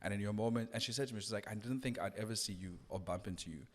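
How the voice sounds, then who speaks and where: Man, low voice, long reverb, earnest storytelling. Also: very fast. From South Africa. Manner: earnest, reflective storytelling with frequent restarts. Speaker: radio DJ guest. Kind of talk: casual podcast conversation.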